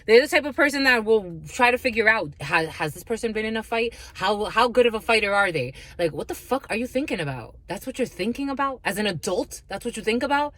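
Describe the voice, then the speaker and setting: A woman's voice: fairly high pitch, lively intonation, fairly quick, hardly any pauses, fairly bright tone, no echo. A woman giving a casual spiritual reading, blunt and profane, laughing often and calling listeners her lovies. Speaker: spiritual reader.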